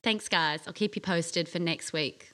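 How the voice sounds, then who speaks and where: A woman, co-hosting a casual podcast chat and telling a story with acted-out quotes. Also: a little slow. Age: 30s. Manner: animated storytelling, acting out quotes in a low voice. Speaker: podcast co-host.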